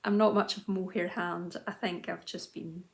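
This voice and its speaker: Woman, 30s, knitting vlog host, casual and self-mocking, slight fry in the voice. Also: fairly low pitch, steady tone, moderate pace. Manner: chatty and self-deprecating, with frequent "um" and restarts. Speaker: knitting video journal host. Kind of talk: casual chat to camera.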